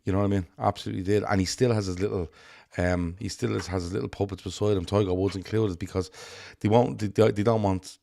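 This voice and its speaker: A man co-hosting a casual podcast chat, rambling with many pauses and restarts. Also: lowish voice, steady tone, gravelly, dark tone, dry recording, clean studio sound. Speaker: podcast co-host.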